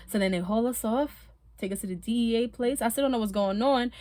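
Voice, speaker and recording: A woman's voice: a little high, quick pace, dry recording. Woman telling a wild story, profanity and all. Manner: profane, animated, laughs mid-story. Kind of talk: casual storytelling.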